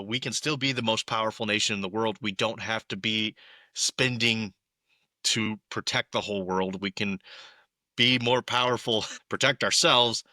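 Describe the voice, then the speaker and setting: A man's voice: lowish voice, pushed and bright, dry recording. A young man hosting a podcast alone, giving opinionated political commentary with emphatic, exasperated asides. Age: young adult. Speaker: podcast co-host.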